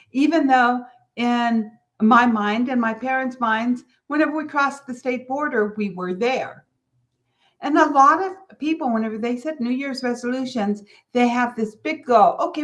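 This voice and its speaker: A middle-aged woman from California hosting a motivational business podcast, telling a family story with lively, animated delivery. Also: on the high side. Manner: storytelling, animated, quotes others in character. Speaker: podcast host.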